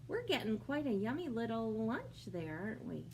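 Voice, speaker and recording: A woman librarian reading a picture book aloud at a preschool storytime, pausing to ask the young listeners questions. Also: fairly high pitch, sing-song, darkish tone, a little hiss or hum. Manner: slow, sing-song, asks young listeners questions. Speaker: children's librarian.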